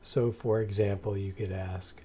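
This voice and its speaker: A man's voice: fairly low pitch, steady tone, a little slow, dark tone, a little hiss or hum. A man running a tabletop game as game master, encouraging the players and explaining the rules step by step.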